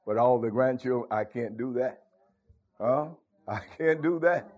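Older preacher, folksy and rhythmic. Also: male voice, mid-range voice, measured pace, a little mellow. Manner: call-and-response, frequent "huh?" and "thank you, Lord". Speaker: pastor. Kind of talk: folksy sermon. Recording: dull lo-fi recording.

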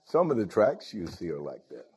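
A man's voice: sits low, wildly swooping pitch, normal speed, a little mellow, breathy edge. A man preaching a sermon, breaking in with "Hallelujah" and "Thank you, Lord" and putting questions straight to his congregation. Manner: calls out to the congregation directly.

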